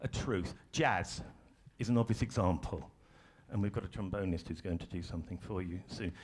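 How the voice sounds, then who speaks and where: Here a workshop facilitator speaks from a large ballroom stage to a live audience, keeping things conversational and laughing at himself. His voice is low-pitched with a breathy edge, delivered at normal speed.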